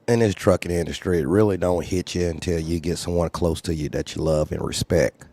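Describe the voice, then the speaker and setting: Low-voiced man giving earnest advice. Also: steady tone, fairly quick, dark tone, no echo. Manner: earnest, preachy, repeats phrases. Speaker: trucking channel host. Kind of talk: unscripted livestream talk.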